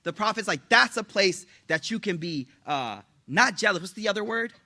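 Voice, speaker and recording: A man's voice: sits high, animated, normal speed, pushed and bright. A man teaching a religious class to a live audience, informal and slangy, reciting Arabic quotes and joking as he explains them. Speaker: Islamic teacher. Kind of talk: casual religious talk.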